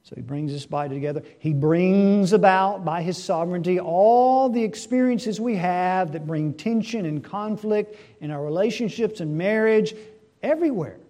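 High-voiced preacher asking the church questions. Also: male voice, normal speed. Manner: preaches with rhetorical questions, swinging between hushed and loud. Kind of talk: sermon.

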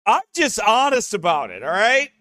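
Bright, animated teasing man. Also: sits high, normal speed, dry recording, studio quality. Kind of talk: casual joking banter.

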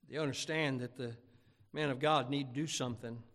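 A man's voice: medium pitch, fairly even intonation, brisk, a bit bright, long reverb tail. A man pastor preaching a fervent, emphatic sermon in a church sanctuary.

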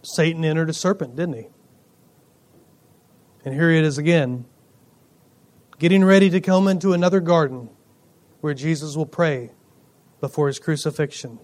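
Animated high-voiced man preaching. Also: normal speed, pauses often. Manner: animated preaching, swings from loud emphasis to quiet asides; jokes with the congregation. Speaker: pastor. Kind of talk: sermon.

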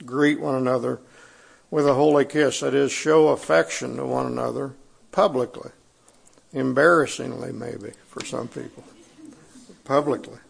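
Man preaching, middle-aged, gravelly, mid-pitched, conversational and halting, church sanctuary. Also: steady tone. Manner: conversational, halting with fillers and restarts. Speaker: pastor. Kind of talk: sermon.

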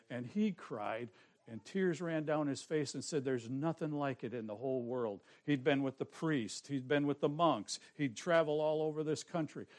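A man preaches in an earnest, personal way, sharing his own testimony as a sermon. His voice sits a little high for a man. He drops to near hushes and then builds to forceful, emphatic passages. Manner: earnest, swings from soft to forceful.

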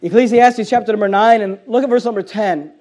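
A pastor preaching a fiery sermon, who swings from loud, drawn-out emphasis to quiet asides and repeats his key lines. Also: high-pitched.

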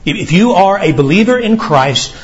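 A man preaching a sermon in an earnest, deliberate way, rising in emphasis when he asks questions. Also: high voice, animated, highs cut off. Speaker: pastor.

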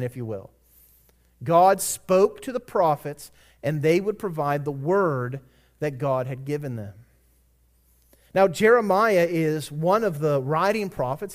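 High-voiced man preaching a sermon. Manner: earnest preaching, reads scripture aloud with emphatic stresses. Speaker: pastor.

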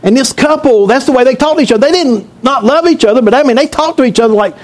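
A man's voice: very high voice, sing-song, brisk, a little mellow. A man preaching a sermon to his congregation in a church, talking in a conversational, joking way and asking the room questions. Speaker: pastor.

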